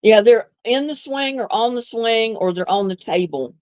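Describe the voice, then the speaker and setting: A woman's voice: fairly high pitch, normal speed, a little mellow, dry recording, muffled recording. A woman hosts a casual live stream, chatting easily with viewers and laughing often. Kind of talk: casual live chat answering viewer comments.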